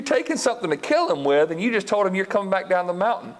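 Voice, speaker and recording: An animated male Bible teacher reads scripture and quizzes his listeners as he goes. His voice sits fairly high. A long reverb from the large hall trails after every line. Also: fast. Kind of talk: live Bible lesson.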